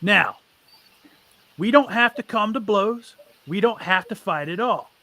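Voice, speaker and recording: A towering bandit chief, as a game master puts him on, booming out slow commands. The voice sits a little high and rings with a sharp, bright edge. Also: male voice, animated, exaggerated voice. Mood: wary. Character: huge gruff male bandit leader, wary.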